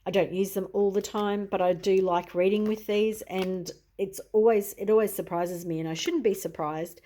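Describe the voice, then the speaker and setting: A woman's voice: mid-range voice, steady tone, normal speed, dark tone. A middle-aged Australian woman, a tarot reader, chatting easily in a show-and-tell video, often adding "you know" and "I suppose.".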